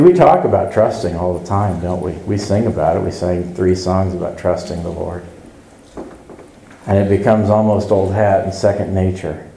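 A man's voice: sits low, dark tone, reverberant, slight background noise, low-quality recording. A man preaching a conversational sermon at a church service, earnestly putting rhetorical questions to the congregation.

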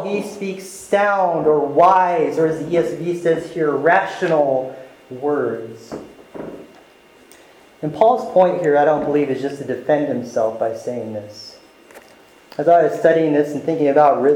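A man with a somewhat high voice gives an emphatic sermon. He acts out quoted lines with extra force. The sound rings around a roomy church hall. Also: darkish tone, a little hiss or hum. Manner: emphatic preaching, acting out quotes with a raised voice. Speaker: pastor.

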